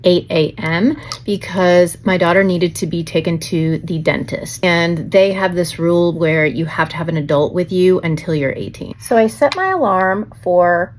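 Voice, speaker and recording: A woman's voice: fairly low pitch, moderate pace, few pauses. Chatty woman telling a storytime. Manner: chatty, animated storytelling with acted-out inner thoughts. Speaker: beauty vlogger. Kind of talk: casual storytime while doing makeup. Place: home.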